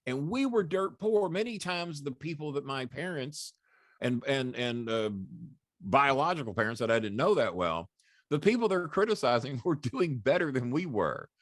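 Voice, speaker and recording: A man's voice: mid-range voice, sing-song, normal speed, no echo, clean studio sound. A middle-aged man from the southern United States, a guest telling his stories in casual talk: blunt, profane, laughing through his tales. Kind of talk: casual storytelling. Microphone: podcast call.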